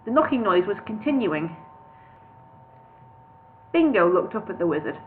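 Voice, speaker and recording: A woman's voice: medium pitch, very animated, normal speed. Woman casually reading a story aloud. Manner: reads with slips, laughs and casual asides. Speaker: audiobook reader. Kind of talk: informal book reading. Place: her flat. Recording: tinny phone-like sound with faint hiss.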